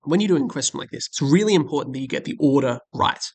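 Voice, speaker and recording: A man's voice: medium pitch, lively intonation, fast, darkish tone, husky. A man walking through a maths exam question step by step, friendly and chatty with frequent ums, recorded at a desk while drawing with a stylus. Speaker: maths teacher. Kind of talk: screen-recorded exam walkthrough. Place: indoors at a desk, webcam and tablet setup.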